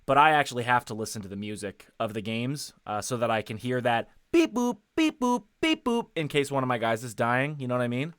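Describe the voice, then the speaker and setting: Chatting with viewers during a game stream, this man rambles and self-corrects, using lots of fillers. He talks quickly with hardly any pauses, his medium-pitched voice smooth and fairly bright, in studio-quality headset audio without room sound.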